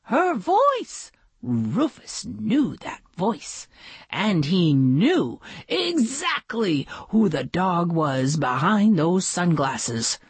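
Slow, breathy woman reading a picture book. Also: lowish voice, no room sound. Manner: gentle, expressive storytelling. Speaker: narrator.

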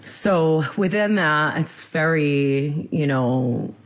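A singer from central Massachusetts, interviewed, talks casually in quick, rambling bursts with lots of restarts. His voice is a little high and expressive.

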